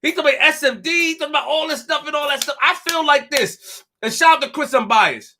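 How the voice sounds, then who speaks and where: A man's voice: very high voice, fast, bright, forceful tone, a little hiss or hum. A man hosting a live stream, talking emphatically, repeating himself and addressing his chat directly. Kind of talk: animated live stream commentary.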